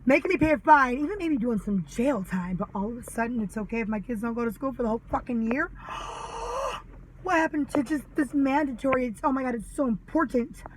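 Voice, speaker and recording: A woman's voice: high-pitched, expressive, fairly quick, noisy background. Heated, swearing woman ranting. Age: adult mother. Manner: heated, sarcastic, swears a lot. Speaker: vlogger. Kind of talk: angry ranting monologue.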